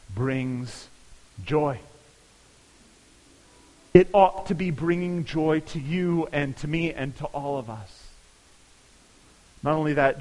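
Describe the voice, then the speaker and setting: A man from California preaching a sermon, telling a story with animation and building to emphatic peaks. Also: fairly high pitch. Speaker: pastor. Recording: long hall reverb.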